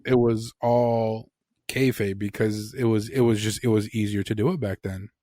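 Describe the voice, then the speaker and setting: A man's voice: on the low side, fairly even intonation, moderate pace, warm tone, no room sound. Blunt, dry-sounding male co-host. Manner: blunt, casual, swears freely. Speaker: podcast co-host. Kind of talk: casual chat.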